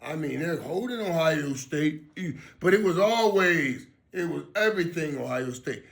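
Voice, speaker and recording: A man's voice: a little high, lively intonation, unhurried, vocal fry. A man giving casual reaction commentary on his own channel, emphatic and repetitive, often restarting his words and talking straight to his viewers.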